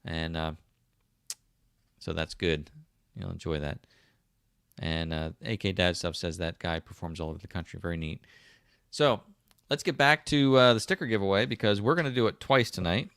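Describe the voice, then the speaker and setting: Gravelly South Jersey man in his fifties. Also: sits low, normal speed, long pauses, fairly bright tone, no room sound, clean studio sound. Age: 50s. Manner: rambling, chatty, with frequent ums and restarts. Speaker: livestream host. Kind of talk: casual livestream chat reading comments.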